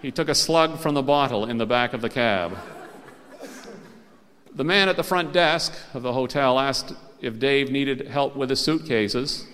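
A man telling a comic story live on a concert stage, animated and playful and acting out the characters. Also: mid-range voice, a little slow, clean tone. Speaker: storyteller and radio host. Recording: live concert recording with hall reverb.

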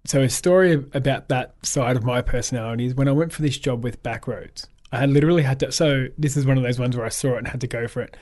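A man's voice: medium pitch, fast talker, few pauses, a little mellow. Aussie guy chatting, cheerful storyteller, does the voices of people in his stories. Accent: Australian. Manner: upbeat storyteller, acts out quoted dialogue, laughs often. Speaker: guest. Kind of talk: casual interview chat.

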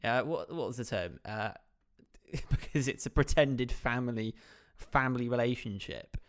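A man co-hosting a podcast, animated and teasing, who laughs readily. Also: mid-range voice, moderate pace. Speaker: podcast co-host. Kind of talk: casual chat.

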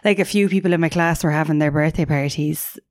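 A woman's voice: sits low, a little fast, dry recording. A young Irish woman co-hosting a podcast, chatting casually and bluntly, swearing freely and laughing often. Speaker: podcast co-host. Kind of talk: casual chat.

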